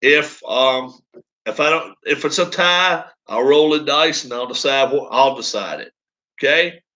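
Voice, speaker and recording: A man's voice: medium pitch, unhurried, sharp tone, dull audio. A man hosting a casual live stream, chatting with viewers and laughing often.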